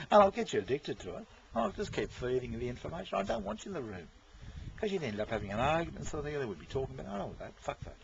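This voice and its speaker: A man's voice: mid-range voice, creaky. A man in a casual, rambling monologue to his viewers, who repeats himself and swears. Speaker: vlogger talking to viewers. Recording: dull lo-fi with faint noise.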